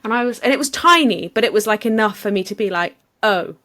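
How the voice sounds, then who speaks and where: A woman's voice: medium pitch, expressive, fast, a bit bright. A woman co-hosting a casual podcast, telling a chatty anecdote with small laughs. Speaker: podcast co-host.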